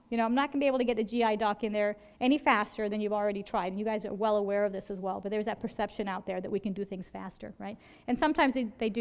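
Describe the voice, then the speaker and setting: A woman's voice: medium pitch, clear, resonant tone. A woman emergency physician giving a conversational lecture to fellow doctors, telling stories with quoted dialogue and often checking in with "right?". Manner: conversational, peppers points with "right?"; animated storytelling with quoted dialogue. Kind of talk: conference lecture.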